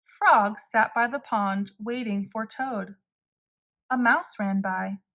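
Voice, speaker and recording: A woman reading a picture-book story aloud to children in a slow, expressive way. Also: mid-range voice.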